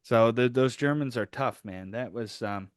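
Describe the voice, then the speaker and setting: A man's voice: mid-range voice, moderate pace, clean tone, no echo, studio quality. A man co-hosting a casual podcast, rambling and laughing at himself as he talks about a beer. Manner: rambling, self-mocking, laughs often. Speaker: podcast co-host. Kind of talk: casual chat.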